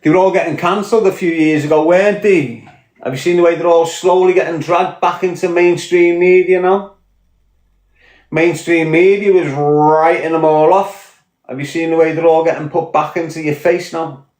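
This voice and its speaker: On the high side with a darkish tone, a man with a Liverpool accent speaks at a moderate pace with fairly even intonation. He's ranting bluntly and with profanity as a podcast guest, captured in an echoey room.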